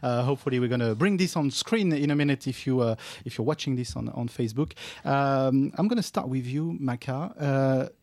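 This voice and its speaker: A man hosting a cycling podcast in a studio, speaking casually with many pauses and restarts. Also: medium pitch, a little mellow, dry recording. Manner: hesitant, many fillers and restarts, laughs often. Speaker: podcast host. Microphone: studio mic.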